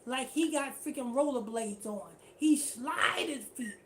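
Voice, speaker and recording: A woman teaches a street-style scripture class against a noisy background, her high voice animated yet unhurried. Her talk is slangy and repetitive, and she keeps saying "you know what I'm saying."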